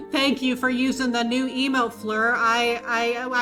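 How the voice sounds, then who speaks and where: A woman's voice: a little high, flat delivery, measured pace, few pauses. A woman streaming a video game and chatting with her viewers in a bubbly way. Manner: bubbly, thanks chat warmly. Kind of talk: live game stream commentary. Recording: game music behind.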